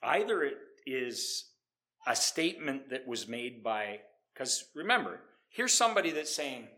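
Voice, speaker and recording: A man preaching an evangelistic sermon, emphatic, swinging from loud declarations to hushed tones and often repeating himself. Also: mid-range voice, very animated, measured pace. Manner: repeats words, restarts often.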